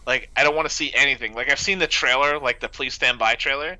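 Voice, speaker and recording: A young man rambles through a casual gaming podcast, padding nearly every phrase with "like." His voice is strikingly bright and sharp, and it is recorded dry and close. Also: medium pitch, quick pace, no room sound, poor audio. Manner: rambling, fills talk with "like". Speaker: podcast co-host. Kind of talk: casual chat.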